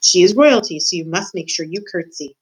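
A woman's voice: fairly low pitch, expressive, a little fast, lightly acted. A woman voicing a dour, stern woman in charge of the castle servants. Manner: stern, instructing. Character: dour head of castle serving staff, woman.

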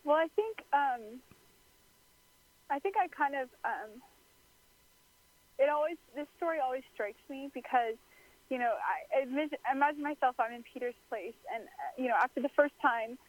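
A woman's voice: high-pitched, moderate pace, long pauses, no room sound, poor audio. A woman talking things through in casual conversation, thoughtful and searching for words. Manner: thoughtful, many fillers and restarts. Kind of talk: casual chat.

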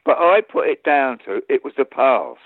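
An older man with an East London accent, a guest telling rambling stories with an animated, chuckling manner. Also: medium pitch, normal speed, no room sound. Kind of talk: anecdotal interview chat. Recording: tinny phone-like line.

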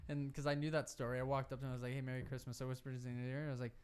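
Young man with a clear voice, joking along. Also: medium pitch, level tone, racing. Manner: chimes in with jokes and stories, stammers on restarts. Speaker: podcast co-host. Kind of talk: casual chat.

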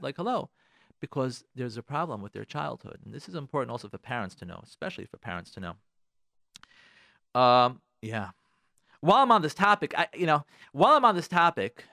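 A man's voice: mid-range voice, pushed and bright, no room sound, clean studio sound. A middle-aged man hosting a radio talk show, giving insistent advice and repeating his points straight to the listeners. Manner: insistent, repeats phrases, addresses listeners directly. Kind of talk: emphatic advice monologue.

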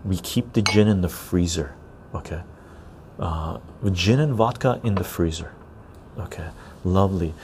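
Deep gravelly-voiced man, easygoing chat. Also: unhurried, pauses often, darkish tone, slight background noise. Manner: easygoing, chatty, tags sentences with "right?". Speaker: podcast host. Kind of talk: casual chat while reading live chat. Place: outdoor patio garden.

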